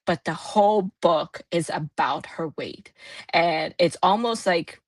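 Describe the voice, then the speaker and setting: A woman's voice: on the low side, slow, no room sound. A woman co-hosting a casual book club chat over a video call, thinking aloud with frequent restarts.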